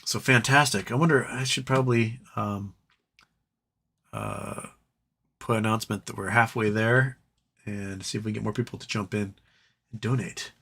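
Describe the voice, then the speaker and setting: A man's voice: fairly low pitch, steady tone, moderate pace, creaky, pauses often, sharp tone, breathy edge. A man hosting a live stream in casual chat, rambling between topics and reading chat aloud, his voice tiring. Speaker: livestream host.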